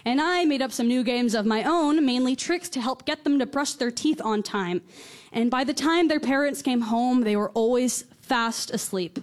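A teenage girl telling a wry, conversational first-person story on stage, dropping low and soft at reflective moments. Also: normal speed. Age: teens.

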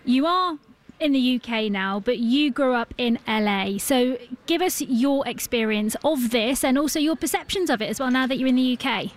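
A woman's voice: sits high, expressive, moderate pace. A woman presenting a radio interview, asking her guests conversational questions.

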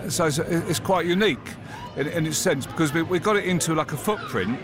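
A man's voice: fairly high pitch, a little fast, music in the background. A man, a park owner, talking proudly and chattily in an outdoor interview with small hesitations. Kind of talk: on-location interview. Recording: crowd noise at an amusement park. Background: park crowd and rides.

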